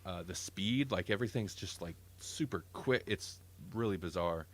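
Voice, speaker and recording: A man's voice: sits low, moderate pace. A man hosting a casual podcast chat, rambling and enthusiastic, often correcting himself mid-sentence. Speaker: podcast host.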